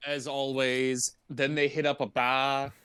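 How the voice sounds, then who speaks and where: Smooth-voiced man recapping a movie. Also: mid-range voice, level tone, slow pace, fairly bright tone, no echo, clean studio sound. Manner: laid-back, jokey, laughs often. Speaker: podcast co-host. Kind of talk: casual movie recap chat.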